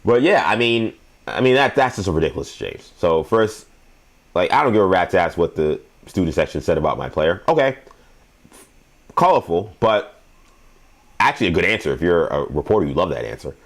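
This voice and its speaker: A man's voice: sits low, big pitch swings, fairly quick, vocal fry. A young adult man hosting a sports show, giving rambling, emphatic commentary and laughing at his own stories.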